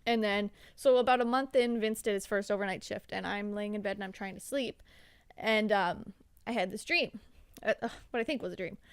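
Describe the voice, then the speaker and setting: A woman's voice: medium pitch, brisk, clean tone, dry recording, clean studio sound. A young adult woman, a podcast guest, telling a story in a rambling, profane way with lots of "like" fillers. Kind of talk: casual storytelling.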